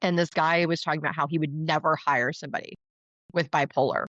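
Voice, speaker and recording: A woman's voice: steady tone, fast, fairly bright tone, no echo. Chatty woman guest, dull dry sound. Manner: chatty, laughs often, acts out quotes in a higher voice. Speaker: podcast guest. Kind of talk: casual interview conversation.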